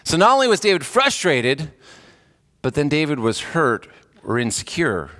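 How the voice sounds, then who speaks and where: A man's voice: big pitch swings, normal speed, fairly bright tone, in a large hall. A man, a hospice chaplain, giving a casual, conversational sermon and acting out the people he quotes. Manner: conversational, acts out quoted voices with jumps in pitch.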